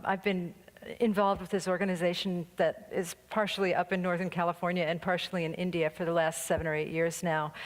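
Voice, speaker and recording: A woman minister giving a conversational sermon, full of anecdotes and light laughter, in a church sanctuary. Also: lowish voice. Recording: long reverb of a church hall.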